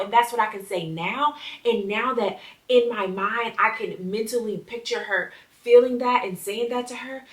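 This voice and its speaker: A woman's voice: medium pitch, a bit bright. A young adult woman hosting her podcast, talking earnestly and reflectively to her listeners in a casual solo chat. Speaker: podcast host. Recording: roomy sound, a bit distant from the mic.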